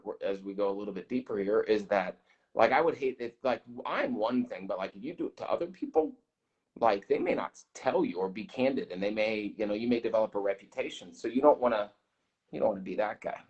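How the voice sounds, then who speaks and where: A man's voice: mid-range voice, darkish tone, lo-fi sound. A man talking as a guest on a radio show, earnest and reflective, often restarting his sentences as he explains how he feels. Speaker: guest, host's twin brother. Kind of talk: casual radio chat.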